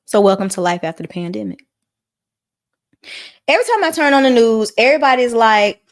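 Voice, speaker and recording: Woman host, casual money talk, bouncy pitch, folksy and animated. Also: normal speed. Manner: animated, folksy, mock-quoting others in high voices. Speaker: mortgage commentator, channel host. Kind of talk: casual talk to camera about the economy.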